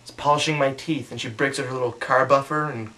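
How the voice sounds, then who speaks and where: A young man telling a comic monologue, deadpan, with mocking put-on voices when he quotes people. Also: mid-range voice, fast talker.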